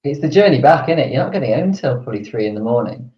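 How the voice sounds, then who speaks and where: A man, a guest on a football podcast, relaxed, chatty and amused. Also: medium pitch, quick pace. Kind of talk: casual podcast chat. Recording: echoey, dull lo-fi remote audio.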